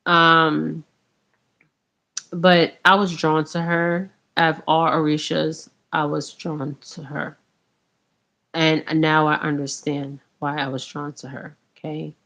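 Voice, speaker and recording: A woman's voice: sits low, flat delivery, slow pace, a bit bright, lo-fi sound. A woman talking casually to her viewers about her spiritual path, rambling with many ums and a repeated "okay?". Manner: addresses viewers as you guys. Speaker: spiritual vlogger. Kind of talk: casual spiritual talk to camera.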